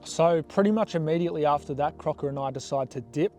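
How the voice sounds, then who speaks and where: A young man telling a story from his past in a casual, animated way, blunt and swearing freely. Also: on the high side, fast talker, faint music behind. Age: young adult.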